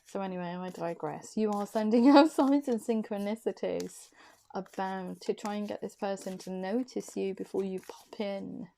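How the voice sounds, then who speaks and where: A woman's voice: mid-range voice, normal speed, vocal fry, mellow. A woman from Warwickshire with an English accent, giving a casual tarot reading from her room in a chatty, rambling way with frequent laughs. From Warwickshire, England. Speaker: tarot reader.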